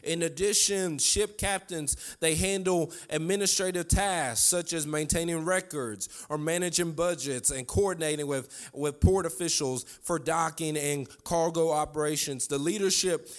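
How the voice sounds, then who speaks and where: A man's voice: fairly high pitch, normal speed, few pauses. A preacher delivering a sermon who repeats lines for emphasis and chuckles his way through a family story.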